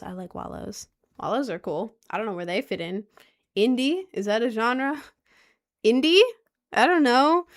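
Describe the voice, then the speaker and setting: Slow, rambling young woman vlogger. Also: mid-range voice. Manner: rambling and unsure, full of "like" and restarts. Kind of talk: casual rambling chat.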